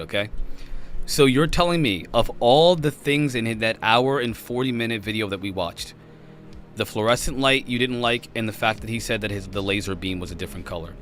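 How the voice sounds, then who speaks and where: A man's voice: fairly low pitch, a bit bright. A man hosting a podcast, pushing back hard in a heated debate and often cutting in to hold the floor. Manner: interrupts, repeats "hold on" to push back. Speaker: podcast host.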